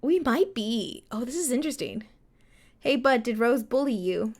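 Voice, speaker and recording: Chatty young woman streamer, slightly high. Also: animated, normal speed, a little mellow. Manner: chatty, reads game text aloud, answers chat. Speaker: live streamer. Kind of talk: casual chat while reading a story game aloud.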